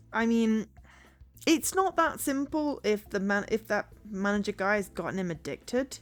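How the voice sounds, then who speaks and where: A woman's voice: medium pitch, measured pace, soft background music. Woman streamer thinking aloud, chatty. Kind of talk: casual game commentary.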